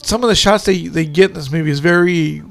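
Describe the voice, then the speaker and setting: High, gravelly man chatting about movies. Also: fast talker. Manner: laughs easily, rambling storytelling. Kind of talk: casual movie reaction chat.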